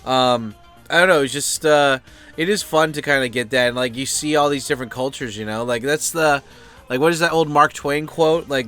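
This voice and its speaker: A man's voice: mid-range voice, pushed and bright, clean tone. An American man chatting loosely and off-topic, full of fillers, swearing and asides. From United States. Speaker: vlogger. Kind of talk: rambling casual chat.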